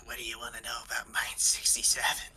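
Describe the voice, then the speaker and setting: A man voicing a skeletal, silent old male dwarf barkeep, speaking in a hushed, whispery rasp with terse, menacing lines. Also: mid-range voice, monotone, fast talker, a little hiss or hum.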